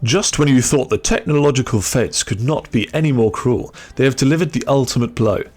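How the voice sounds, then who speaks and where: A man's voice: mid-range voice, fairly quick, darkish tone, close to an everyday voice. A man reading out an email as a fussy, exasperated male writer with a long-winded complaint.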